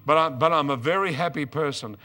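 An older man delivers a storytelling sermon in a bright, forceful, slightly high voice. He drops into quiet asides, then builds to loud, excited bursts. Faint music plays underneath. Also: fairly quick. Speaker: preacher.

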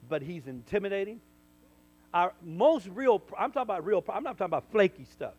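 A man, a minister, telling a personal testimony in conversation, full of restarts and sudden loud bursts. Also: sits high, poor audio. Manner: animated storyteller, stammering restarts, bursts loud when quoting. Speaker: minister, guest.

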